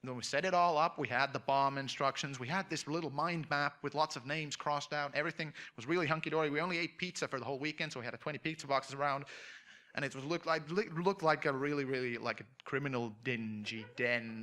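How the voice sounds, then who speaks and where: A man on stage at a convention auditorium, telling a comic anecdote to an audience with animated storytelling, acting out voices and laughing. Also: on the high side, quick pace. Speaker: convention panel speaker.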